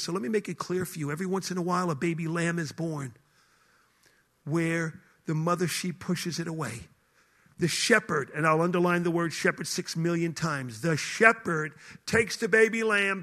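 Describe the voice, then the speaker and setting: A man preaching a passionate sermon to a room full of people, swinging between shouted declarations and hushed, intimate lines. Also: high-pitched. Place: hall with a live audience.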